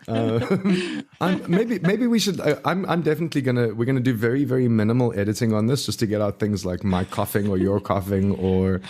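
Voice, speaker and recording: A man's voice: mid-range voice, fairly quick, a little mellow. A man co-hosting a podcast in casual chat, rambling and laughing often as he loses his thread. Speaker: podcast co-host.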